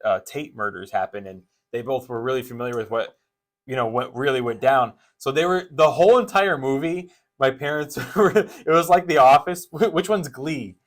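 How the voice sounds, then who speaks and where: Rambling excited young man. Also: mid-range voice, normal speed. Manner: excited, rambling, many restarts and fillers. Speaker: podcast co-host. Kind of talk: casual movie chat.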